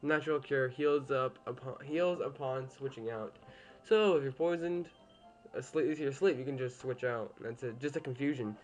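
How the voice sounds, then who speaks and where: A man's voice: medium pitch, moderate pace, soft background music. A young man casually commentating a game he is playing at home, chatty and easily annoyed, swearing at the game now and then. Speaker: gameplay commentator.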